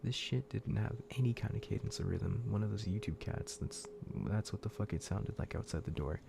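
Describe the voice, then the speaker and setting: A man's voice: on the low side, fairly quick, vocal fry, noisy background. A man streaming, narrating a scary story in a casual, profane, laid-back way with frequent restarts.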